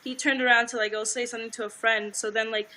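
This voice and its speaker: Chatty young woman, bright voice. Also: a little high, level tone, quick pace, poor audio. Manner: rambling, heavy filler "like", swears freely. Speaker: guest telling her side. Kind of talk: casual livestream storytelling.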